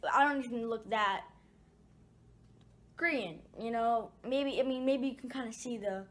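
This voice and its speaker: A woman casually tells her viewers a personal story. Her voice is a touch high. She rambles, trailing off and restarting often. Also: measured pace. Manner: rambling, many fillers and restarts.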